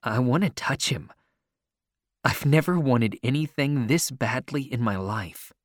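A man narrating a first-person story in an emotional, expressive reading voice. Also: mid-range voice, a little slow, dry recording, clean studio sound.

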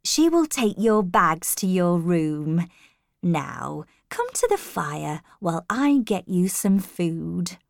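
A woman reading a story aloud and voicing a kindly grey-haired housekeeper who speaks gently and slowly. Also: fairly low pitch, sing-song, gravelly, dry recording, studio quality, exaggerated voice. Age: older. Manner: gentle, slow and warm-hearted.

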